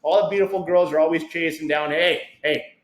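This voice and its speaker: A man's voice: fairly high pitch, fairly even intonation, fairly quick, reverberant, poor audio. A man hosting a podcast, rambling and hyped, repeating himself as he chats casually. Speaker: podcast host. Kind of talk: casual chat.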